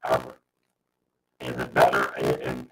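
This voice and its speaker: A man with an extremely deep, gravelly voice chats casually on his livestream. He stumbles and restarts as he troubleshoots his connection. The audio carries a steady layer of noise. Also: takes it slowly, recorded from a distance. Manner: flustered, restarts while fixing audio trouble. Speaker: livestream host. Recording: noisy livestream audio with hiss.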